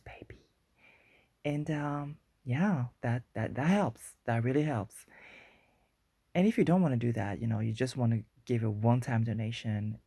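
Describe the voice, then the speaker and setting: A woman's voice: rumbling low, mellow, dry recording. A woman from Guadeloupe with a Guadeloupean accent, hosting a solo podcast in a chatty, rambling way and joking about being wordy. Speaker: podcast host.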